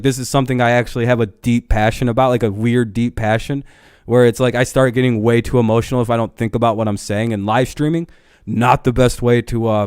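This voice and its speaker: A man's voice: on the low side, a little mellow, clean tone, no echo, clean studio sound. A young man hosting a live stream who rants heatedly, swearing often. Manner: heated, profane, ranting. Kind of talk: casual live stream rant.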